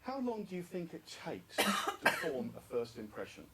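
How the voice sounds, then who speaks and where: A man's slightly high, bright voice carries a forceful, very animated tone at a moderate pace. He's giving an interactive speaking club conference talk, quizzing the audience and echoing their replies, recorded on a distant mic with faint noise behind.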